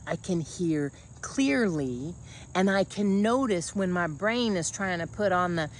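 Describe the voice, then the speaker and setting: Animated, blunt woman with a low voice. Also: a little slow, a little hiss or hum. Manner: animated, blunt and folksy, calls listener honey. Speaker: coach. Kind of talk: casual motivational monologue.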